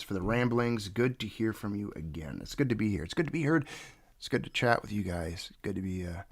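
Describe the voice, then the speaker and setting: A man hosts a casual livestream chat in a low, gravelly voice, sounding stuffed up from congestion. He rambles along and greets the viewers in the chat one by one. The recording is close and dry. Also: no room sound. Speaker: livestream host.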